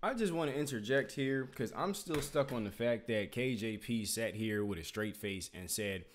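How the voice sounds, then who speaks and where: A man's voice: medium pitch, animated, normal speed, hardly any pauses. A man hosting a reaction channel, ranting in incredulous casual commentary.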